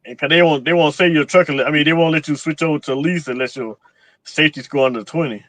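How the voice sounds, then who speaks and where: A man, chatting in a relaxed, informal way as a fellow truck driver on a live stream. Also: a little high, quick pace, no room sound. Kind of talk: casual live-stream chat.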